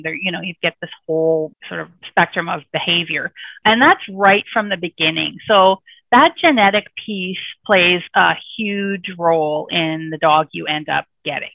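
A woman guest and dog book author telling animated, rambling stories with many fillers. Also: fairly low pitch, moderate pace, no room sound. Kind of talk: casual storytelling interview. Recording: tinny phone line, dry.

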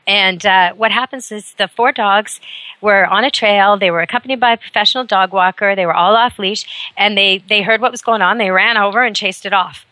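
A woman radio host delivering an emphatic, indignant talk radio monologue from a studio mic. Her voice is bright and forceful, and the sound is dry and close. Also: mid-range voice, brisk, no echo.

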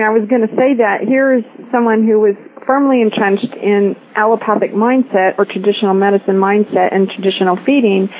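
A woman host interviewing a guest, engaged and encouraging, heard over a phone line. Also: mid-range voice. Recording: tinny phone line with faint hiss.

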